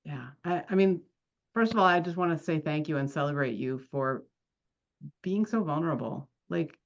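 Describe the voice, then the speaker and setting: A woman's voice: low-pitched, animated, normal speed. A woman hosting a podcast interview, affirming and effusive toward her guest. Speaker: podcast host. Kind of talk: conversational interview. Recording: dull lo-fi audio.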